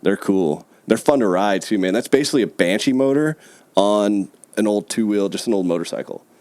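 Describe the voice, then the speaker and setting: A man's voice: fairly low pitch, animated, a little fast, a little mellow, no room sound. A man in a casual podcast chat, telling stories in a laid-back way, laughing often and saying "dude" and "man". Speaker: podcast guest.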